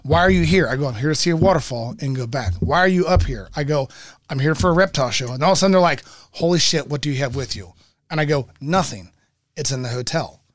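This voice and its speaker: A man telling a long story in casual chat, profane and animated, acting out both sides of a dialogue. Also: medium pitch, fast talker, no echo, studio quality. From United States.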